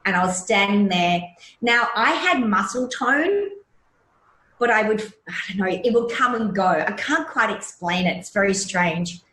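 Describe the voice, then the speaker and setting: A woman's voice: medium pitch, animated, a little slow, pushed and bright. A woman in her forties, a hypnotherapist guest, telling a personal story in a blunt, emotional way and swearing freely. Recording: roomy echo.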